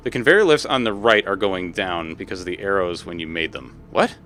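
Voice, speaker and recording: A man streaming a game, chatting casually with friends while he plays, swearing freely and easily excited. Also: sits low, faint music behind. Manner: profane, excitable, quick to swear and laugh. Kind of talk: casual gaming stream chat.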